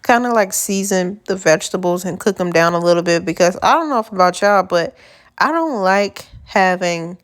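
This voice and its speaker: A woman's voice: lowish voice, lively intonation, moderate pace. A woman, casually narrating her home cooking in laid-back, profane slang. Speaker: home cook vlogger. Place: home kitchen.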